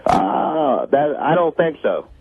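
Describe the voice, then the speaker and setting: A man's voice: fairly high pitch, big pitch swings, takes it slowly, husky, no echo. A man calling into a radio show, talking in an easygoing, agreeable way over the phone. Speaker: caller. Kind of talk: phone-in call. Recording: tinny phone line.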